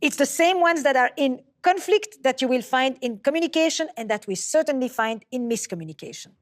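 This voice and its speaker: High-pitched woman, measured lecturer, explains step by step. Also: expressive. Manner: measured, explanatory, acts out quoted dialogue. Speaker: speaker on communication. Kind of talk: lecture-style talk.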